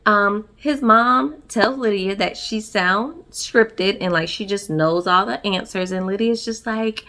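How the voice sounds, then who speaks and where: A woman's voice: medium pitch, takes it slowly, hardly any pauses, a bit bright. A woman giving a sassy, chatty recap of a reality show episode, laughing often. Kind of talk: casual recap commentary.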